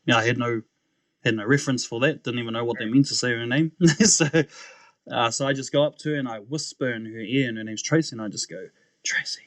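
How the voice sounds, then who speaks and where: Animated New Zealand man telling a story. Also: medium pitch, quick pace, dry recording. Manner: animated storyteller, often says "bro", acts out voices. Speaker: podcast guest. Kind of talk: testimony storytelling.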